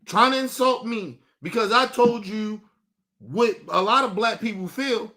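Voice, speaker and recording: A man hosts a livestream through a streaming setup mic, ranting combatively and profanely and mocking as he speaks straight to his chat. His voice sits high, bright and forceful, at a measured pace.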